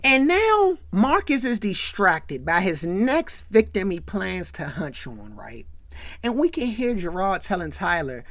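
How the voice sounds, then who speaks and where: A host recapping a comedy film scene by scene in a chatty, animated storytelling manner, often checking in with "right?". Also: mid-range voice, unhurried, dry recording. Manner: animated, conversational storytelling with tag questions.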